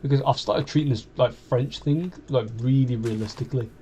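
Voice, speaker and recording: A man's voice: mid-range voice, brisk, dark tone, a little hiss or hum. A young man with a West Midlands accent talking in a casual, confessional monologue, rambling and hesitant, often restarting his sentences. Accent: West Midlands English. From Wolverhampton, England. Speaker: YouTuber.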